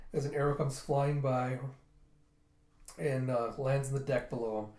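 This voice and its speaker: A man recaps a comic chapter in an easy, casual way. He keeps breaking into little voices for each character, so the retelling sounds animated. His voice sits at an average pitch and carries the echo of a roomy space. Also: normal speed. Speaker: manga reviewer reading aloud. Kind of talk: casual manga readthrough.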